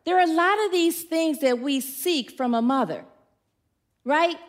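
A middle-aged woman with a notably high voice delivers a relaxed sermon. She tells stories in a chatty, playful way and invites the congregation to answer back. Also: a little slow. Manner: warm, chatty, playful storytelling with audience questions. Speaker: speaker at a church gathering. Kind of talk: informal sermon with congregation call-and-response.

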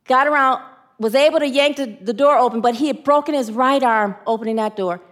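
A woman giving a personal testimony sermon, emotional, swinging from excited high lines to hushed low ones, and preaching to her listeners. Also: brisk. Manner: preachy, asks audience to answer. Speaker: spiritual speaker.

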